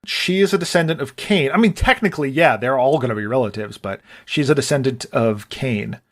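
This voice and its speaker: Guy cohosting a podcast, mid pitch, rambly, keeps restarting his sentences. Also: a little fast. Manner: rambling, thinks aloud with restarts, puts on goofy voices. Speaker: podcast co-host. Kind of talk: casual chat.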